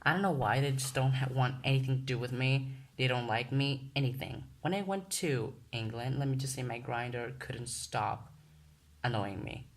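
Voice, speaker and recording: Young man, casual story-time vlog, excitable, gushing, swears a lot, mid pitch. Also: moderate pace. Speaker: vlogger.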